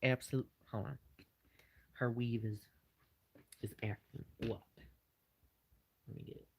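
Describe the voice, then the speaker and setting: A man's voice: mid-range voice, fairly even intonation, measured pace, creaky, long pauses, slightly rough, poor audio. A man hosting his channel, casually answering live chat questions in a rambling way with lots of fillers.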